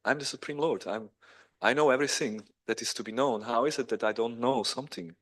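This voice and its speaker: A man's voice: medium pitch, brisk, close to an everyday voice. A man voicing a puzzled divine lord who questions his queen. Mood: bewildered. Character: Krishna, a bewildered divine lord.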